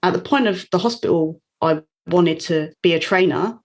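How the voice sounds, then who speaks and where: A woman speaking as an interview guest, telling a personal story in a candid, open way. Her delivery is warm and unguarded, with soft laughs slipping in between phrases. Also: fairly low pitch, normal speed. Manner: warm, open, frequent light laughs while recounting. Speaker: guest, coach.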